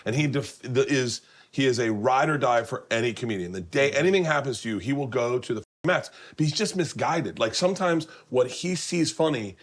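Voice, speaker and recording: Animated man telling stories. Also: brisk. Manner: animated, acts out quotes in a high excited voice. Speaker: host. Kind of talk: storytelling in casual chat. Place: home kitchen.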